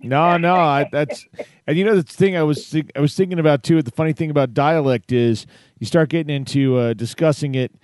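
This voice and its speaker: A man hosting a conversation, responding enthusiastically and thinking out loud with restarts. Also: on the high side, fairly quick, no room sound, studio quality. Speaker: host. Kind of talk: casual chat.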